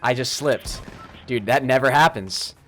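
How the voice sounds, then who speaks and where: Male streamer, mid-pitched, lively chat-facing commentary over faint game music. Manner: lively, talks straight to chat, quick apologies. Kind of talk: live gameplay commentary and chat shout-outs.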